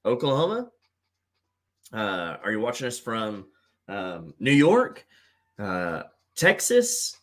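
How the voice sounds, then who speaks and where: A middle-aged man hosts a live call-in stream and chats loosely with viewers. His voice sits low but swings widely up and down in pitch. He rambles, repeats himself and leans on plenty of fillers. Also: huge pitch swings, slow, long pauses, fairly bright tone. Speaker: host of a live call-in show. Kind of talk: casual livestream chat.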